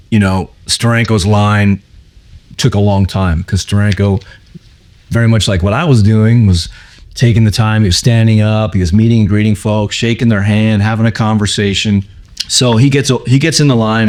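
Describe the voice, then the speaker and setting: A man's voice: on the low side, steady tone, normal speed. A man hosting his show, telling a personal story in a loose, rambling way full of fillers. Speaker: host. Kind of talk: casual storytelling.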